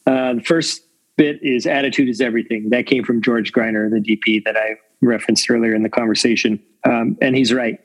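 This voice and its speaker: A man's voice: mid-range voice, fairly even intonation, fairly quick, poor audio. A man in his fifties, a longtime film crew veteran, giving candid, reflective interview answers full of fillers. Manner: reflective, rambling with many fillers.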